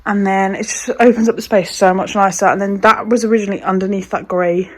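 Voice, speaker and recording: A woman's voice: medium pitch, fairly even intonation, quick pace. Chatty young woman vlogging at home. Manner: gushing, chatty, rambling asides. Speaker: lifestyle vlogger. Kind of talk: casual chatty vlog narration. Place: at home indoors.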